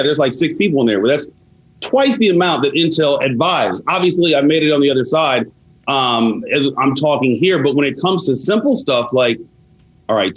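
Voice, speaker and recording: A man talking as a podcast guest, telling stories in a measured, reflective way. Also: mid-range voice, poor audio. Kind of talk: casual podcast interview.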